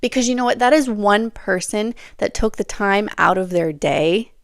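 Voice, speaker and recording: A woman hosting a solo advice podcast, talking straight to the listener in a sassy, animated way and calling her "girl". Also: medium pitch, normal speed, no room sound, clean studio sound. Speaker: podcast host. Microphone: phone or camera on charger.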